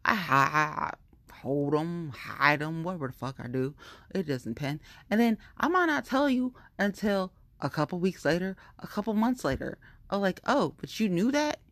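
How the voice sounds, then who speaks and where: A woman rants in a heated, profane monologue, circling back to the same complaints again and again. Her voice sits low, and it is recorded close and dry with no room sound around it. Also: expressive, normal speed, fairly bright tone, dry recording. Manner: profane, heated, repetitive venting. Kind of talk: casual ranting monologue.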